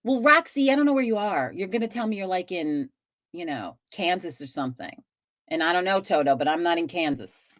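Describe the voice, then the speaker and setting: Gadatliwa kobieta o niskim głosie. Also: female voice, on the low side, lively intonation, brisk, dry recording, clean studio sound. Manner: chatty, swears freely, rambles with restarts. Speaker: live-stream host. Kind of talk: casual chat with viewers.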